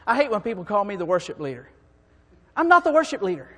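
A very high-voiced man preaches a sermon, sliding from low, quiet talk into fervent, shouting peaks. His voice rings with the long reverb of a church hall. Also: very animated, fast. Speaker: preacher and song director.

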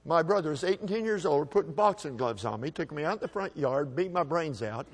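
A man telling a personal story to an audience at a microphone, in a folksy, halting way that often repeats words as he restarts. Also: a little high, animated.

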